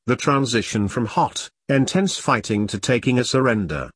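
A man narrating an audiobook in a steady, measured reading voice. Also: medium pitch, slightly rough, no room sound. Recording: dry close studio sound.

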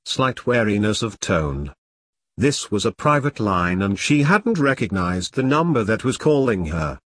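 Husky male audiobook narrator. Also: lowish voice, big pitch swings, measured pace, a bit bright, dry recording. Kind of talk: first-person story reading.

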